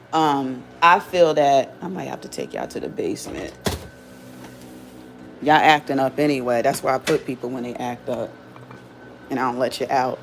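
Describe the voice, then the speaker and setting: A woman's voice: very deep voice, creaky, a little hiss or hum. A woman hosting a live stream, talking casually to her viewers in a sassy, teasing, slangy way.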